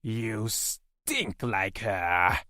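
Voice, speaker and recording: Man doing a menacing alien captor, slow drawn-out threats, dry close sound, audiobook voice. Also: fairly low pitch, animated, bright, forceful tone, no room sound, heavily acted. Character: menacing male alien interrogator, cold and slow. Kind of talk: audiobook character voice.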